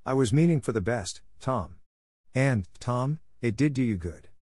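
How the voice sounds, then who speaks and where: A man's voice: mid-range voice, animated, moderate pace, darkish tone, no echo, studio quality, natural voice. A man voicing a fussy older aunt who scolds and grows exasperated with a boy. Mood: softened.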